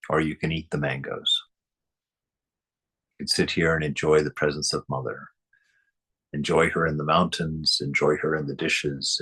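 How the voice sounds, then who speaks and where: A man with a deep, slightly husky voice reads from a spiritual text and comments on it. He speaks emphatically, repeats key phrases and chuckles often between points. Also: fairly bright tone. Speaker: spiritual teacher reading and commenting. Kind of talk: book reading with commentary.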